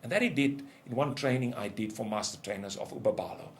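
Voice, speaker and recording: An older man, a ministry leader, talks fast as he preaches his testimony, telling it intensely and alternating between loud outbursts and hushed lows.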